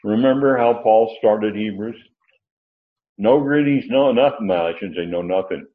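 A man's voice: on the low side, a little slow. A man teaching Bible grammar in a lecture, rambling with fillers and restarts, then pressing hard on his key points. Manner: digressive, with many fillers and restarts. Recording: dull, lo-fi sound.

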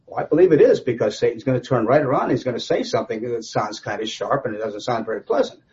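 A man's voice: medium pitch, expressive, fast talker, a little mellow. A man teaching a Bible study in a conversational, rambling way, often restarting his sentences. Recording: slightly dull lo-fi recording.

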